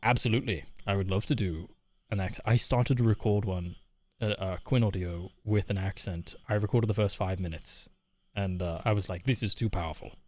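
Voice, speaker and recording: A man's voice: lowish voice, fairly even intonation, moderate pace, no echo. A man streaming live, chatting casually and candidly with his viewers while reading their messages, laughing often. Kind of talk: casual chat.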